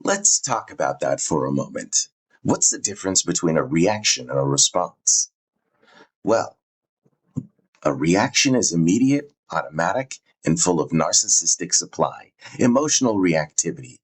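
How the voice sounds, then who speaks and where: A man's voice: sits low, sing-song, normal speed, slightly rough, poor audio. A man giving scripted self-help narration in an earnest, emphatic manner.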